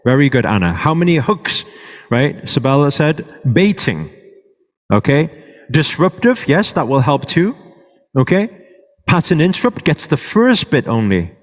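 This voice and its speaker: A man's voice: a little high, big pitch swings, a little slow. A man teaching a live workshop to an audience, checking in with them often and moving around as he speaks. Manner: moves around while speaking. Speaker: workshop presenter. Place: large hall with a live audience. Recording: reverberant hall.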